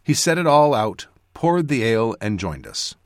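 Lively male storyteller, dry close sound. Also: moderate pace, no echo. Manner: voices characters with lively shifts in pitch and loudness. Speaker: audiobook narrator. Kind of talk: scripted narration.

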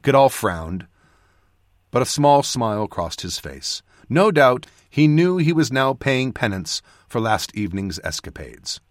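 A man reading his own fantasy audiobook in expressive, lively storytelling narration. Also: medium pitch, a little slow, no echo, studio quality. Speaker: author and narrator.

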